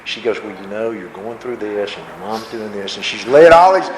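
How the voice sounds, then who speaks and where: A man in his fifties speaks in a folksy, storytelling way, poking fun at himself as he talks through his recovery. His voice bounces around a roomy hall, and there is a steady hum of noise behind him. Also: fairly low pitch, moderate pace. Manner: folksy storytelling with self-mocking laughs. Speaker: workshop speaker. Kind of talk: personal recovery talk. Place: convention hall. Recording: echoey room with background noise.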